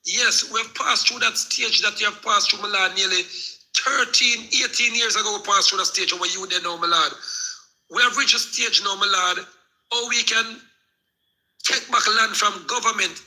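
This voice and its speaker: A man's voice: sits high, normal speed, bright, forceful tone, low-quality recording. A Jamaican man in a heated live discussion, preaching at length and repeating "my lord" to the other speaker. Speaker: live stream participant.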